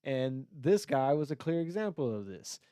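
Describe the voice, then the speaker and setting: A man's voice: mid-range voice, sing-song, moderate pace, mellow, smooth, no room sound. Profane ranting young man, close dry mic. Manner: heated, mocking, swears constantly. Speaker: podcast host and battle rapper. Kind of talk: profane, ranting podcast talk.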